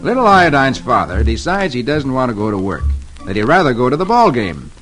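A man's voice: medium pitch, big pitch swings, a little fast, fairly bright tone, soft background music, poor audio. A man hosting an old-time radio comic reading, telling the story in a playful, storytelling way. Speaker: host reading the Sunday comics.

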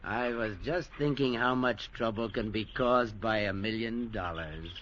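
An actor playing a sly, insinuating beachcomber who spins legends, in a 1950s radio drama. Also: male voice, on the low side, a little slow, over a noisy crowd, natural voice. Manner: insinuating, amused, chuckling. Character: sly, sneaking male beachcomber painter. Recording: dull lo-fi old radio broadcast.

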